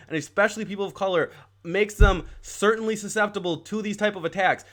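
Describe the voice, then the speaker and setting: A man's voice: sits high, steady tone, brisk, a bit bright. A man hosting a political talk stream, reading passages aloud and then ranting with heated, profane outrage. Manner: heated, profane, growing angrier; reads quoted text aloud, then riffs. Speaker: political podcast host.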